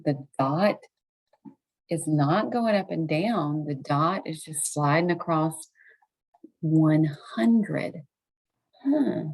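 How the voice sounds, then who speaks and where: A woman's voice: low-pitched, mellow, poor audio. A woman, teaching a recorded math lesson late at night, chatty and thinking aloud as she corrects herself.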